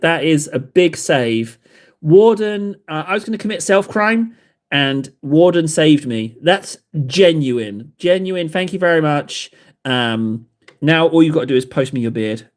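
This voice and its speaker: A man's voice: a little high, lively intonation, measured pace. A man hosting a livestream, chatting with viewers while painting models, rambling and self-mocking, laughing often. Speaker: livestream host painting miniatures. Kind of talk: casual chat with live chat.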